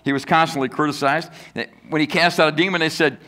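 A man's voice: a little high, steady tone, fast, hardly any pauses, pushed and bright. A man preaching a sermon as pastor, talking conversationally and asking the congregation questions. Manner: acts out critics' voices in quotes.

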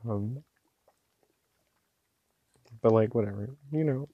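Man, gravelly fry, slow easy pace, gushing, excitable, casual swatching chat. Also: medium pitch, no echo. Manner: gushing, excitable, slangy with many fillers. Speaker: ink swatching vlogger.

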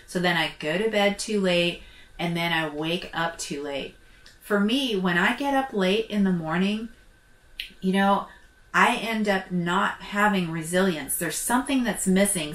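A middle-aged woman talks candidly in a casual vlog, acting out her own reactions as she tells the story. Her voice sits a little low for a woman. The room rings with a noticeable echo. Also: a bit bright. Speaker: RV vlogger. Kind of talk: casual personal vlog talk.

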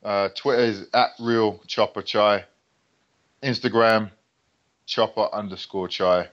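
Guest: young British man, animated storyteller, lo-fi muffled audio. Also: lowish voice, slow. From Britain. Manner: lively storyteller who acts out quoted lines. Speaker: guest fighter. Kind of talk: casual podcast interview. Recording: dull lo-fi sound.

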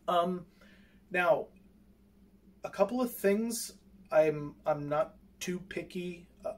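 A man's voice: on the high side, darkish tone. A man showing his own telescope gear in an unscripted how-to, rambling and hesitant, full of fillers and restarts while he handles the equipment. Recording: distant mic with faint background noise.

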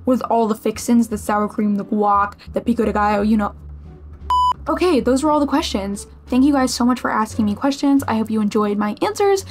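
A woman's voice: fairly high pitch, fairly even intonation, fairly quick. Chatty young woman, faint music behind. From Massachusetts, USA. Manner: chatty, filler-heavy, playfully self-mocking. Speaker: streamer and YouTuber answering viewer questions. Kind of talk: casual Q&A vlog.

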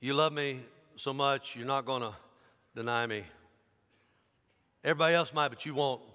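A man voicing Jesus as a gentle, patient grown man speaking in a coaxing way, within a sermon. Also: mid-range voice, fairly even intonation, moderate pace, close to an everyday voice. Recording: long church hall reverb.

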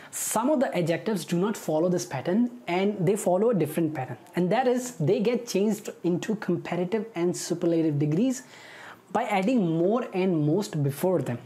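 A woman with an Indian English accent walks through a grammar lesson, repeating each example and tagging it with a quick check. Her voice sits low and mellow. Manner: explains patiently, repeats words, tags with okay and right. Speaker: English teacher.

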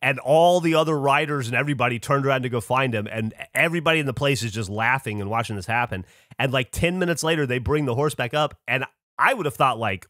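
A man telling stories in casual podcast chat, cursing offhand. His voice sits at a middle pitch. The sound is dry and close. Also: fast talker, no room sound. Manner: animated storyteller, swears casually. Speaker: podcast co-host.

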